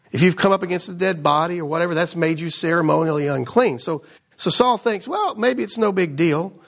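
Male Bible teacher, chatty sermon delivery, raspy fry in a slightly high voice. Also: a bit bright. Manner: conversational, keeps asking "right?". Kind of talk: casual sermon.

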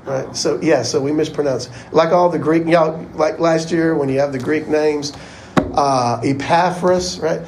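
A man's voice: a little high, fairly even intonation, a little slow, background noise. Chatty man teaching Bible class. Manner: chatty, rambling, uses "y'all".

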